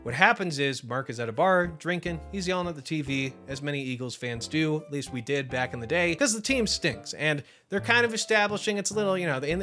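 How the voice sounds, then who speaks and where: A young man giving a casual, profane, animated commentary rant, reviewing a cartoon series to camera. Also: a little high. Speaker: show reviewer.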